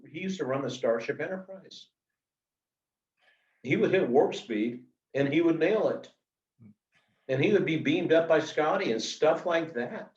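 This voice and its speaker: A middle-aged man telling anecdotes in a casual, animated way, full of fillers, as an author being interviewed. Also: mid-range voice. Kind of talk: casual storytelling. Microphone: video call. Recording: roomy, distant, dull video call audio.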